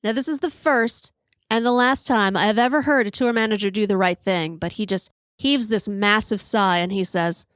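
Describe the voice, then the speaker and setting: A woman in her fifties hosting a podcast, telling a story in an animated, profane way and acting out the quotes. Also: medium pitch, moderate pace, clean tone, no echo, studio quality. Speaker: podcast host. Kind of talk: storytelling monologue.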